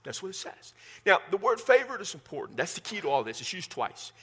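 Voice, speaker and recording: Bright-voiced pastor in his fifties. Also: high-pitched, big pitch swings, a little fast, slightly rough. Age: 50s. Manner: folksy, repeats words when restarting, jokes with the congregation. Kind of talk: sermon.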